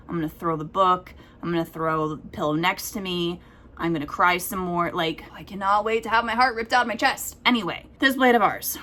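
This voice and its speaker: A young woman chatting excitedly on a vlog about upcoming books, gushing, full of "like" fillers. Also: medium pitch. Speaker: book vlogger. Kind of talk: casual chatty book review vlog.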